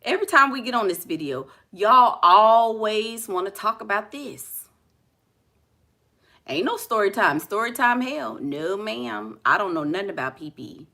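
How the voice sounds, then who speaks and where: A woman hosting a casual live chat, sassy and teasing and quick to laugh. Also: medium pitch, sing-song, bright, forceful tone. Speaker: livestream host.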